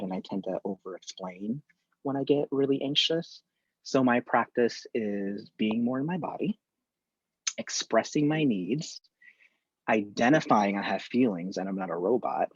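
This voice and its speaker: A man talking as a therapist in a live online conversation, candid and animated, acting out examples from his work. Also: fairly low pitch, moderate pace, slightly rough, no echo, highs cut off.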